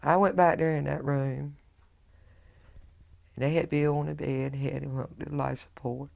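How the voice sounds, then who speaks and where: A middle-aged woman, a widow giving emotional personal testimony in a halting way, full of quoted dialogue. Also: deep voice, flat delivery, gravelly, darkish tone. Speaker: widow telling her story.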